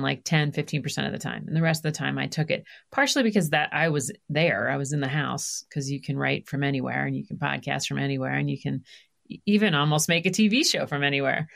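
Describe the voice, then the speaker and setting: A middle-aged woman, a guest author, telling family stories in an animated, confessional way full of asides and self-deprecating jokes. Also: low-pitched, creaky. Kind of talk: candid conversational storytelling.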